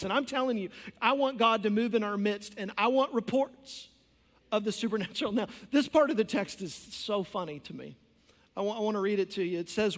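A man's voice: high-pitched, fairly quick. A man preaching an impassioned sermon as a pastor, with storytelling and conversational asides. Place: church sanctuary. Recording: long church hall reverb.

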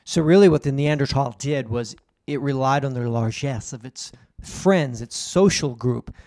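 A man co-hosting a comedy podcast, ranting crudely with lots of swearing. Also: darkish tone. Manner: profane, ranting, rapid swings in pitch. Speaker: podcast co-host.

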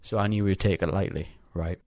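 A man's voice: low voice, fairly even intonation, fast, darkish tone, no echo, clean studio sound. A teenage boy chatting casually, telling a rambling story full of swearing. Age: teens. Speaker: co-host. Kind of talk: casual chat.

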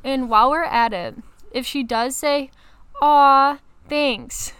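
A woman's voice: high voice, moderate pace, a crowd in the background. A young woman co-hosting a casual chat podcast, laughing and teasing, recorded out on a porch. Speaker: podcast co-host. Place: outdoors on a porch.

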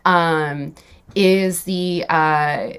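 A woman's voice: low voice, steady tone, extremely slow, fairly bright tone, clean tone. A woman hosting a podcast, talking in a rambling, reflective way with many fillers. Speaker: podcast host. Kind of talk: casual podcast chat. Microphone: podcast microphone.

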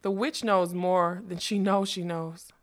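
Slow, wistful unicorn, as a woman reader puts her on. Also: fairly low pitch, steady tone, close to an everyday voice. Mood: musing. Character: sad, proud female unicorn trapped in a cage. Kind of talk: storybook reading.

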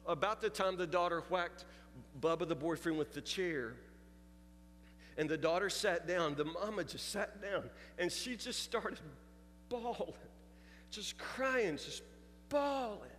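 A man's voice: sits high, unhurried, fairly bright tone. A man preaching a sermon, telling a story in a confessional, building way. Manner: storytelling, confessional, rising intensity. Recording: long hall reverb with faint music.

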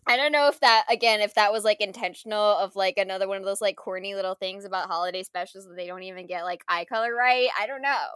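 A woman in casual conversation reviewing a film, animated and full of fillers and laughs. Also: medium pitch, quick pace, few pauses, clean tone, dry recording, clean studio sound.

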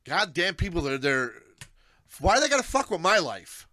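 A middle-aged man rants angrily, swearing often, his voice climbing into outbursts. His tone is bright and forceful, and his pitch sits a little high. It sounds close and dry, with no room echo. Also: big pitch swings, normal speed. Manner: angry, profane, ranting with rising outbursts. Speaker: ranter. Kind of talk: profane solo rant.

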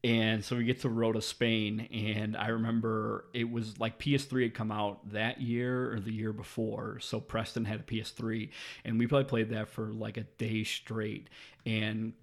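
A man's voice: lowish voice, completely flat delivery, moderate pace, vocal fry. An American man telling a rambling, profane story in casual chat, now and then mimicking other people's voices. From United States.

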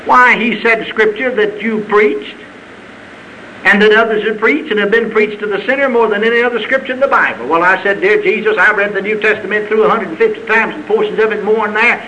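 A man preaching a sermon with an old-fashioned preaching cadence, swinging between loud, high exclamations and low, quiet asides. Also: a little fast, slight background noise, poor audio.

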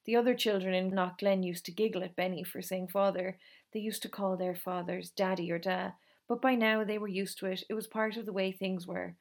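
A woman reading a novel aloud in a calm, steady storytelling manner. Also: mid-range voice, fairly quick. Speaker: reader.

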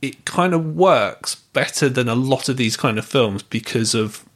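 A man's voice: medium pitch, lively intonation, moderate pace. A man hosting a podcast, talking casually about a film with lots of fillers and restarts. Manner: hesitant, many fillers and restarts. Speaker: podcast host.

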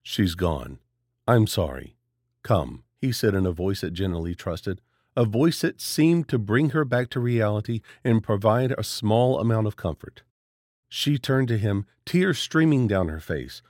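A man reading a horror story aloud as narrator in a steady, dramatic storytelling manner. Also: on the low side, no room sound, studio quality.

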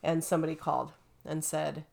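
A woman telling a story in a casual chat, animated and acting out the quotes. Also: low voice, fairly quick, creaky.

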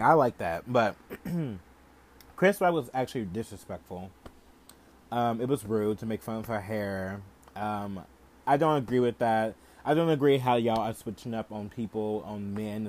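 A young man hosts a podcast and vents his opinions in a loose, heated rant. He swears often and leans on "like" between nearly every phrase. His voice sits at an ordinary middle pitch. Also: a little mellow. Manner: heated, profane, heavy use of "like". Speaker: podcast host. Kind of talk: casual ranting commentary.

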